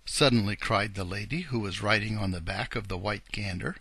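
A man reading a children's storybook aloud in an expressive, animated way. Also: lowish voice, brisk, husky, no echo. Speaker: audiobook reader. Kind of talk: scripted narration of a children's story.

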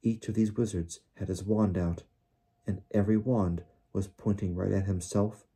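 A man narrating an audiobook in a measured, deliberate reading. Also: low-pitched, steady tone, mellow, husky. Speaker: audiobook reader.

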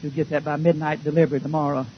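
A man preaching a fiery sermon to a church congregation, folksy and joking, sometimes shouting. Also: fairly high pitch, flat delivery, very fast, lo-fi sound, slight background noise.

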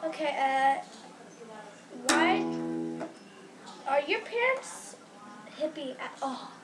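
Brief: high, unhurried young woman hamming it up as a show host. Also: lively intonation, low-quality recording. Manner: goofy, mock-earnest hosting. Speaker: host of a homemade comedy show. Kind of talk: playful amateur comedy sketch. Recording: loud guitar music behind.

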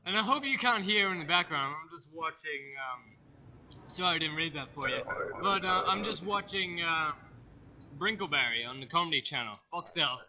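A young Australian man giving loud, excitable let's play commentary and swearing freely. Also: a little high, normal speed, dull audio, background noise. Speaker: gaming YouTuber.

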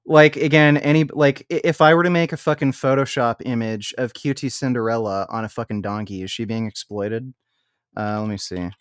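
A man rants on a reaction stream, blunt and profane, scornful of what he watches. His voice is smooth and resonant and the sound is dry and close. He stumbles into restarts when worked up. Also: mid-range voice, fairly quick, no room sound.

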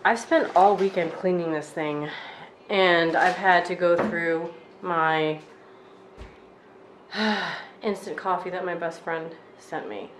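A woman's voice: on the low side, fairly even intonation, measured pace, a little hiss or hum. A woman vlogger chatting casually and wryly from her home kitchen about her errands and chores. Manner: chatty, wry and exasperated. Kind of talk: casual vlog chat.

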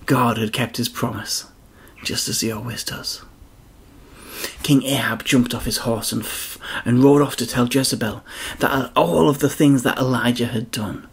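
A man telling a Bible story to children in an expressive storyteller's manner, now and then speaking straight to the kids. His voice has a gravelly, husky grain at a middle pitch. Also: measured pace. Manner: expressive, addresses children directly.

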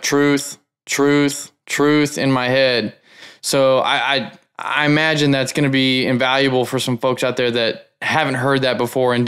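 A man's voice: medium pitch, a bit bright, clear, resonant tone. A man hosting a podcast, responding enthusiastically to his guest and sprinkling in casual fillers. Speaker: podcast host. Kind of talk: conversational podcast talk.

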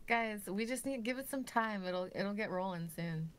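A woman's voice: medium pitch, normal speed, slight background noise. Playful young woman streaming a game. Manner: laughs often, playful. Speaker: VTuber streamer. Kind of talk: casual game-stream chat.

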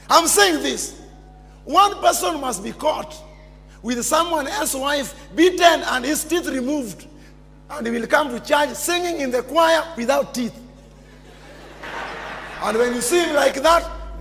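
Kenyan male pastor, very high voice, shouting then hushed, long church-hall reverb. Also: expressive, a little slow, gravelly, long pauses. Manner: fiery preaching, swings from shouts to near-whispers. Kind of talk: sermon.

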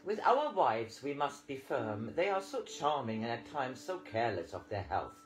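A man's voice: mid-range voice, sing-song, moderate pace, soft background music, lightly acted, low-quality recording. A man voicing a jovial little male French country doctor who reassures with fussy good cheer. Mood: cheerful reassuring.

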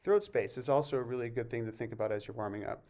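A man teaching a vocal masterclass, explaining warm-ups and breathing in a relaxed way and breaking off to sing short examples. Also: mid-range voice, quick pace. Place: music camp masterclass recording.

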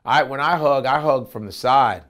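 A male comedian guest in a casual interview, telling animated stories and acting out voices. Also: medium pitch, normal speed. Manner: animated storytelling with acted-out voices.

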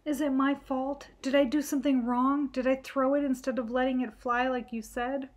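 An eager little boy bear cub from a children's storybook, high-voiced and full of wonder, put on by a woman reading aloud. He sounds amazed and anxious to please. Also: level tone, normal speed, natural voice. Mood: worried.

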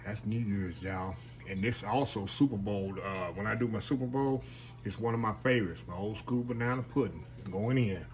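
A man's voice: lowish voice, moderate pace, rough recording. A man hosting a casual home cooking vlog, folksy and chatty, often calling out to viewers as y'all. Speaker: home cooking channel host.

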